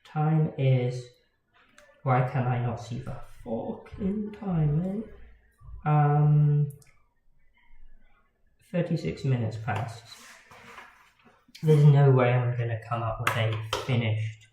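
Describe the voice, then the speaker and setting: A man's voice: medium pitch, slow pace, pauses often, dark tone. A man chatting casually on a livestream while he draws, rambling and swearing in a self-deprecating way. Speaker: miniatures hobbyist streamer. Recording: roomy, dull lo-fi with faint noise.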